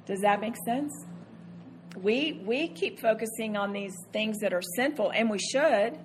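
A woman's voice: medium pitch, unhurried, a little hiss or hum. A woman, giving a conversational sermon as a Bible teacher, earnest and acting out her own inner voice.

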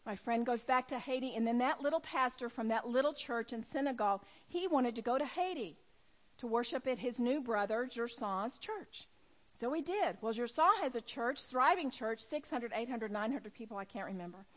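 A middle-aged woman preaching a sermon to women, impassioned, dropping to a hush and then rising loud. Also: a little high, lively intonation, moderate pace. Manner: impassioned, swings from hushed to loud. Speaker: women's ministry speaker.

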